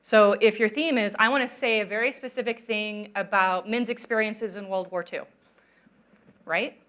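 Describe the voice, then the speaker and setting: A woman's voice: mid-range voice, fairly even intonation, normal speed, a bit bright. A woman lecturing on narrative design at a conference, taking audience questions and checking in with listeners often. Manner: conversational, checks in with "right?" often.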